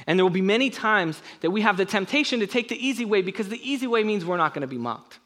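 A man with a fairly high voice preaches and prays to his congregation. He talks in a relaxed, conversational way and stays animated. He breaks off now and then for joking asides. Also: fast talker. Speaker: pastor. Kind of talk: sermon.

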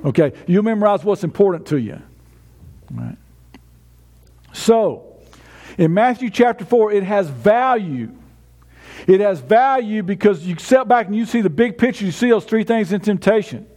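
A man's voice: high-pitched, big pitch swings, normal speed, pauses often, a little mellow. A man preaching a sermon in a conversational way, often restarting his words. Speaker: pastor.

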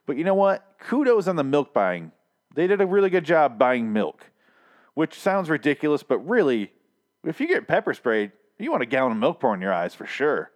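A man's voice: a little high, sing-song, moderate pace. A man recapping a TV episode into his own microphone in a rambling, profane, sardonic way. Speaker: show recap host. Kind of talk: casual TV recap monologue.

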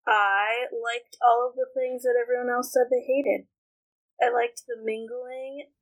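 Female co-host, higher-pitched, dry and teasing in casual talk. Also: fairly even intonation, measured pace, rough recording. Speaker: podcast co-host. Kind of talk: casual chat.

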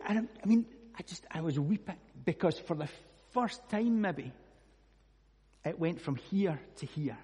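A man's voice: on the high side, lively intonation, unhurried, dark tone, breathy edge, long reverb tail. A Scottish man preaching a sermon, telling a personal story earnestly and reading scripture. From Scotland.

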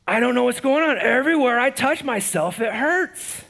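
A man doing a panicky male patient in a told joke, pushing his voice well up above its usual height and pleading with his doctor. The figure sounds alarmed and louder than the plain telling around him. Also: extremely high pitch, animated, normal speed, gravelly, voice pushed up, exaggerated voice.

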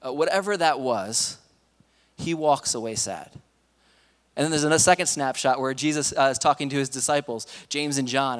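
A man's voice: mid-range voice, fairly bright tone. A man preaching a sermon in a casual, conversational way, acting out the stories he retells. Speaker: pastor. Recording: long reverb of a large hall.

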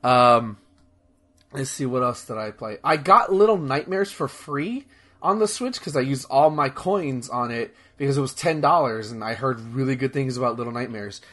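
A man's voice: medium pitch, lively intonation, normal speed, fairly bright tone. A young man chatting casually as a podcast host, rambling and enthusiastic, with lots of fillers, restarts and swearing. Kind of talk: casual chat.

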